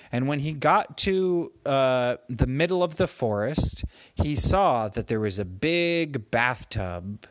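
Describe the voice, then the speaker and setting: A man slowly making up a gentle bedtime story for his child, with playful voices for the characters. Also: mid-range voice, big pitch swings, no room sound. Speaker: parent telling a bedtime story.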